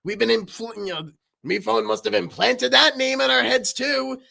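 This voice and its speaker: A woman's voice: on the high side, steady tone, moderate pace, vocal fry, pushed and bright, pitched above the performer's own voice, heavily acted. Smug, sarcastic cartoon knife, dry delivery, played by a woman.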